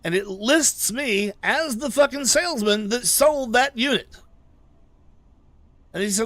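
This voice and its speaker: A man's voice: very high voice, lively intonation, measured pace, long pauses, fairly bright tone, no room sound. A livestreamer man telling a story in a casual, heated way, swearing often as he retells a quarrel.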